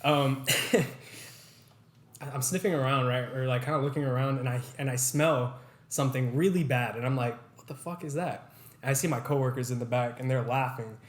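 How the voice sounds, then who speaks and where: A man's voice: medium pitch, moderate pace. Young man telling stories in an echoey room. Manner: animated, swears freely, acts out quotes. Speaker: podcast co-host. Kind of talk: casual storytelling chat.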